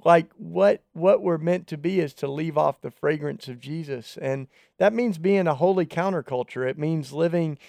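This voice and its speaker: Guy co-hosting a faith chat, earnest, kinda high and gravelly. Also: normal speed, hardly any pauses, a little mellow, dry recording, clean studio sound. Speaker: podcast co-host. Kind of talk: casual faith discussion.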